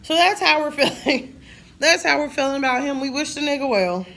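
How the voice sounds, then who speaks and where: Woman, thirties, casual vlog rant, blunt and cussing, higher-pitched voice. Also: expressive, fairly quick, creaky, fairly bright tone, slight background noise. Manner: blunt, profane, joking storytelling. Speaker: vlogger. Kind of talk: casual venting monologue.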